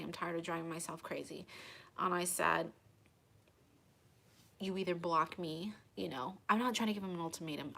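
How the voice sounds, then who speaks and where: A woman hosting a tarot channel, telling viewers a personal story in an animated, dramatic way with lots of fillers. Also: on the low side.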